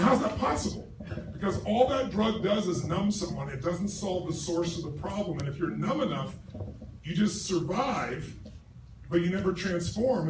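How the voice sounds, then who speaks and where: Profane, forceful man speaking on a stage. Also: sits high. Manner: forceful, profane, asks the crowd questions. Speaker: motivational speaker. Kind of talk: live seminar speech to a large audience. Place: large hall with a live audience. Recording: roomy stage recording from far off, noisy.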